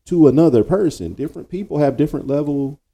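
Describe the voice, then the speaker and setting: A woman's voice: deep voice, fast talker, dark tone. A woman co-hosting a podcast in casual chat, blunt and teasing. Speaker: podcast co-host.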